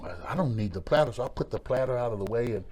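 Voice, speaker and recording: A middle-aged man spins stories from his wrestling days, his pitch leaping up and down as he acts out voices. He talks in an animated, repetitive way. His voice sits in an ordinary middle register. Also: rapid-fire, husky. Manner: animated storyteller, acts out voices, repeats words. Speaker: former pro wrestler and football player, interview guest. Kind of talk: storytelling in a podcast interview.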